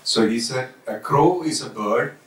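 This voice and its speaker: A man giving a slow, reflective spiritual talk, pausing often and restarting his phrases. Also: medium pitch. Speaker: spiritual teacher. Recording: roomy, voice from a distance.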